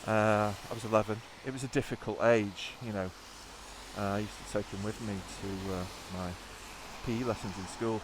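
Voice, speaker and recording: A man's voice: fairly low pitch, steady tone, normal speed, noisy background. A man, talking in a rambling, sweary, sardonic way on a rainy motorbike trip outdoors. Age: 50s. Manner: sweary, sardonic, wandering asides. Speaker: motorcycle vlogger. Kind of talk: rambling spoken vlog.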